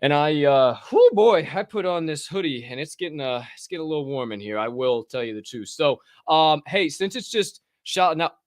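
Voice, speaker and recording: A man hosting a casual livestream podcast, chatting and reading an ad in a rambling, profane way from a warm room at home. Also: on the high side, expressive, moderate pace, hardly any pauses, dry recording, clean studio sound. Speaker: podcast host.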